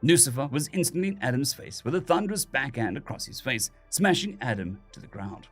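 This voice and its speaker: Animated male audiobook narrator. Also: mid-range voice, brisk, hardly any pauses. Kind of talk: scripted story narration. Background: soft music.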